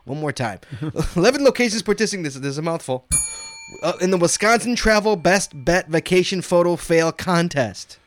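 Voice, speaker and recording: A man's voice: high-pitched, animated, brisk. A man hosting a radio show in casual banter, reading an announcement aloud with joking asides. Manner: joking, reads press release aloud with asides.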